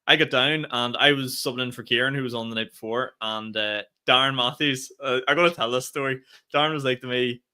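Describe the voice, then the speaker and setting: A young man talks quickly, and his voice has a bright, forceful edge. He tells his comedy stories with animated energy and laughs often as he co-hosts a casual podcast. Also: mid-range voice, clear, resonant tone. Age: young adult. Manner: fast, animated storytelling with laughter. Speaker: podcast co-host and stand-up comedian. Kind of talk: casual chat.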